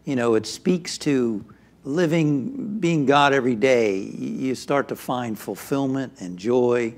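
Mid-pitched male host; affirming, reflective interviewer. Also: measured pace, darkish tone. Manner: affirming, frequent agreeing interjections. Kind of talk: conversational interview.

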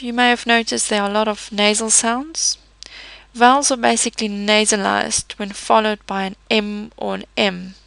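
A woman teaching a pronunciation lesson, explaining patiently with pauses, fillers and small self-corrections. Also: mid-range voice, gravelly, fairly bright tone, no room sound, poor audio. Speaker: French teacher.

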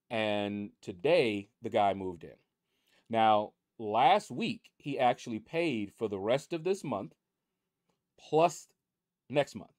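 A man's voice: on the low side, a little mellow, no room sound, clean studio sound. A man hosting his mobile game channel, chatting in a rambling, easygoing way from a room at home. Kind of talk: casual chat over game leaderboards.

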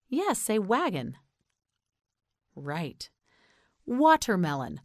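An American woman teaching English pronunciation, slowly enunciating words and patiently prompting the listener to repeat them. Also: fairly low pitch, expressive, no echo, clean studio sound. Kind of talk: slow repeat-after-me pronunciation drill.

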